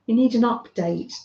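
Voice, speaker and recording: A woman hosting a craft channel, chatting gently and fondly with viewers on a livestream. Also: fairly high pitch, gravelly, echoey room, dull audio. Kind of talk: casual livestream chat with viewers.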